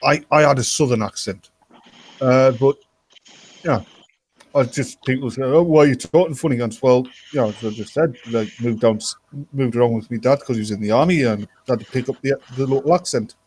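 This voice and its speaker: A man's voice: medium pitch, moderate pace, darkish tone, slight background noise. A man from the United Kingdom, a podcast co-host, rambling through crude casual banter, repeating words with many fillers.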